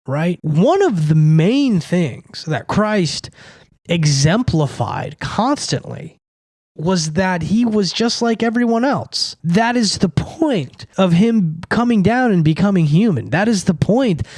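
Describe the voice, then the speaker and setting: A man's voice: sits high, lively intonation, takes it slowly, darkish tone, no echo, clean studio sound. Casual, irreverent young man rambling. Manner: rambling, irreverent, frequent "like" fillers. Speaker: podcast host. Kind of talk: casual monologue.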